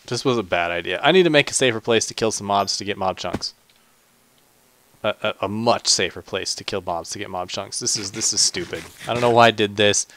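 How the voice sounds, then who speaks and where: A man's voice: fairly low pitch, a little fast, a bit bright, a little hiss or hum. A man hosting a gaming channel, giving chatty, self-deprecating let's play commentary, talking to himself with muttered asides and stumbling restarts.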